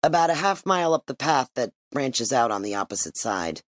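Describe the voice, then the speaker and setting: A storybook narrator playing a tired, defensive small-town police chief. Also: male voice, mid-range voice, sing-song, brisk, fairly bright tone, no echo. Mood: flat.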